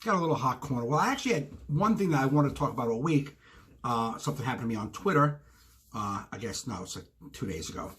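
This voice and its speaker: A man's voice: mid-range voice, animated, fast talker, fairly bright tone. A man telling an exasperated story in a solo rant for a podcast he co-hosts, full of asides. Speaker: podcast co-host. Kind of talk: ranting solo monologue. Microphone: self-recorded video.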